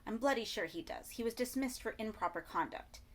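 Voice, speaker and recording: A woman's voice: on the high side, lively intonation, fairly quick. A woman voicing a snide male hotel receptionist whose put-on posh diction slips into a London accent. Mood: sneering. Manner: clipped, sneering, slipping into cockney.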